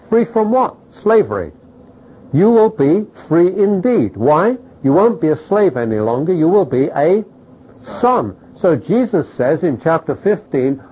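A middle-aged man preaching a sermon, animated, throwing rhetorical questions at the congregation and checking in with "okay?". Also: fairly high pitch, a little slow, breathy edge, rough recording.

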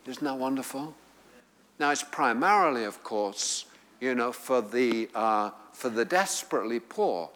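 Slow, emphatic preacher in a reverberant hall. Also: male voice, medium pitch, expressive, a bit bright. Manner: emphatic, rising to fervent appeals to the congregation. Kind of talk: sermon.

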